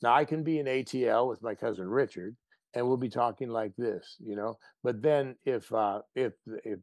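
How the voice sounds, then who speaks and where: A man guest on an interview show, chatting casually and telling stories with lively quoted voices. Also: medium pitch, moderate pace, no echo. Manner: animated storyteller, playful voices for quotes. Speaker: actor guest.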